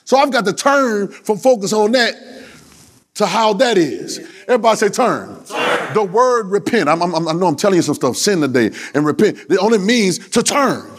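High-voiced preacher calling to his congregation. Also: brisk. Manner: call-and-response, lively and joking with the congregation; breaks into shouts and sung phrases. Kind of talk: sermon.

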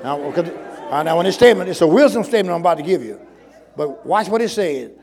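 A high-voiced man preaching with a wide, swooping delivery. He punches certain phrases out loud, then drops to low, fast asides, and the murmur of a congregation sits faintly behind him. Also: expressive, husky, some chatter behind. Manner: emphatic, swings from loud calls to low asides. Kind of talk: sermon.

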